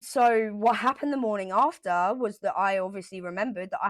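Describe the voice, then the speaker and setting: A woman vlogger telling a personal story straight to camera, emotional and animated, repeating herself for emphasis and swearing now and then. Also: mid-range voice, normal speed, few pauses, no room sound.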